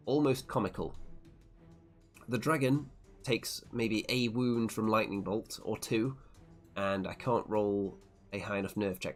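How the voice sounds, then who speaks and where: A man narrating a tabletop wargame tournament report turn by turn, with a wry, self-deprecating play-by-play manner. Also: on the low side. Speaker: tabletop wargame channel host.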